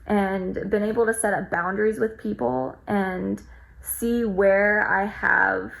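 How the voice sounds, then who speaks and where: A woman's voice: mid-range voice, creaky, a bit bright, low-quality recording. A woman vlogger sharing a personal experience in a reflective, heartfelt way, with lots of "like" fillers. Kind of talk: personal storytelling to camera.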